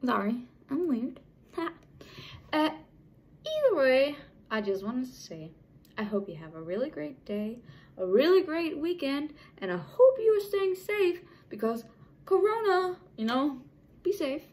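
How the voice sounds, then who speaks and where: A woman's voice: sits high, big pitch swings, measured pace, a little mellow, low-quality recording. A young adult woman vlogger talking casually to camera, rambling and chatty with frequent restarts. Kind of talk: casual unscripted talk to camera.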